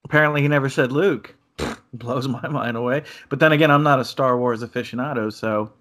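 A man's voice: medium pitch, brisk, fairly bright tone. Joking man hosting a casual podcast. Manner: jokey and self-deprecating. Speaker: podcast host. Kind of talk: casual chat.

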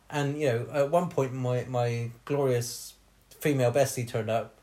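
A man on a podcast spins a long personal tale in loose, casual chat. He laughs often as he talks, and his voice sits at an ordinary middle pitch. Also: a little mellow. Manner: laughs often while telling stories. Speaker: podcast host.

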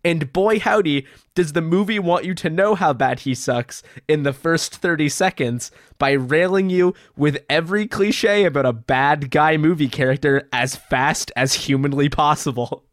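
A man's voice: fairly high pitch, normal speed, few pauses, no room sound, studio quality. A man recapping a movie plot on a podcast in casual chat, blunt, profane and sarcastic. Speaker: podcast co-host reviewing a movie.

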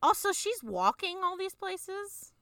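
A woman's voice: very high voice, very animated, a little slow, a bit bright, dry recording, studio quality. A young woman co-hosting a podcast, chatting casually and telling the plot with sassy asides and laughs. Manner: laughing, sassy storytelling with acted quotes. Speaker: podcast co-host. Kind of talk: casual chat recapping a film.

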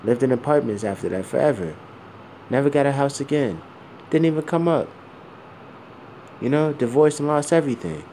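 A man's voice: mid-range voice, animated, fairly quick, long pauses, warm tone, a little hiss or hum. A man of around forty talking bluntly and with plenty of swearing in a rambling personal monologue, full of fillers and repeated asides.

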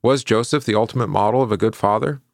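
Low-voiced pastor reading and teaching. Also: male voice, fast, creaky, dry recording, studio quality. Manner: reads scripture, then explains in loose asides with fillers. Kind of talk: Bible study teaching with scripture reading.

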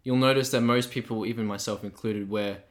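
Young man with a croaky, sore voice. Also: lowish voice, fairly even intonation, a little fast. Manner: thoughtful, rambling with restarts. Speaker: podcast co-host. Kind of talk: casual chat.

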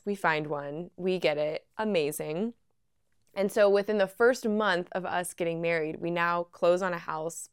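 Young woman podcasting from home, chatty and laughy, smooth clear voice, dry sound. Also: fairly low pitch, dry recording. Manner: chatty, animated, laughs easily. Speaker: podcast host. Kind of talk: casual storytelling.

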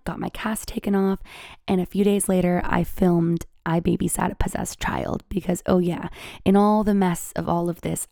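A young woman YouTuber telling a personal story to camera, candid and lively, laughing often and sometimes dropping to a whisper. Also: fairly low pitch, vocal fry, dry recording, studio quality.

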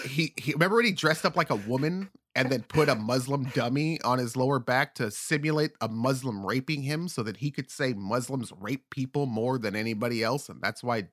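A man co-hosting a casual podcast, talking in a rambling, profane way with halting restarts. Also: medium pitch, fairly bright tone. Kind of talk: casual chat.

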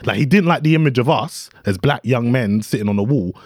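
A man's voice: medium pitch, a little fast, no echo, clean studio sound. A young man, telling a story in casual chat with friends, full of slang and laughter. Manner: animated, slangy, acts out quotes with laughter.

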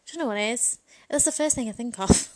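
A woman's voice: on the high side, fairly quick, darkish tone. A woman in a frank, bawdy comedic monologue, chatting casually and laughing often. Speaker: vlogger.

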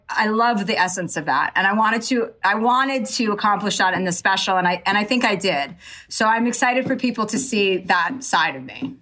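A woman's voice: medium pitch, bright, forceful tone. A woman in her forties, a comedian who is a podcast guest, talking candidly in a rambling, loose way full of fillers. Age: 40s. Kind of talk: casual podcast chat.

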